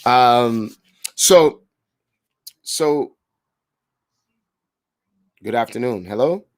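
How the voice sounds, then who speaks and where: A man's voice: fairly low pitch, moderate pace, no echo. A man in a casual, upbeat style making live sales phone calls and coaching the audience between them, often repeating words as he restarts.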